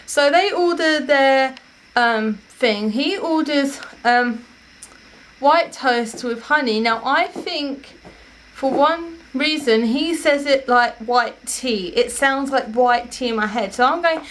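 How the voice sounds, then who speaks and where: A woman's voice: high-pitched, takes it slowly, a bit bright. A young woman, casually telling stories to camera at home in a rambling, self-correcting way. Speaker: vlogger.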